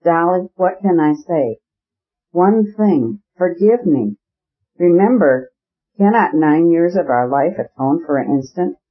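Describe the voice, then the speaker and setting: A man's voice: on the high side, lively intonation, unhurried. Man playing a remorseful pleading husband. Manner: pleading, tearful. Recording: muffled lo-fi audio.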